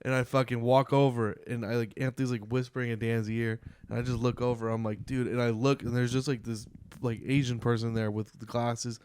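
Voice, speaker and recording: A man co-hosting a podcast, telling an excited, profane story in casual chat. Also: medium pitch, brisk, clean tone. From California. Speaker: podcast co-host.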